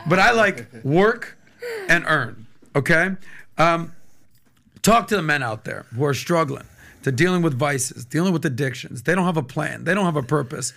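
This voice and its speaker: A slightly high, creaky, sharp-toned voice belongs to a podcast host from the US who speaks at normal speed but sounds animated. His casual interview style is enthusiastic and jokey, full of questions for the guest.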